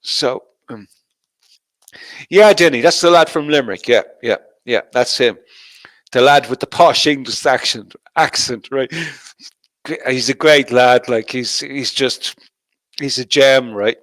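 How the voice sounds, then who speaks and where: A man's voice: mid-range voice, measured pace, pauses often, a bit bright, no room sound. A middle-aged man hosts a loose, casual livestream and talks straight to the people in his chat. He swears freely and laughs often as he rambles. His voice sits in an ordinary middle register and sounds dry and close to the mic. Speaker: livestream host.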